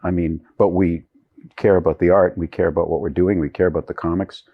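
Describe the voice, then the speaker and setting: A man's voice: sits low, fairly even intonation, quick pace, breathy edge, narrow, tinny audio. A man who runs a comedy club, speaking earnestly in an interview at his club. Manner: earnest, matter-of-fact. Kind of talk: documentary interview. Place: comedy club behind plexiglass.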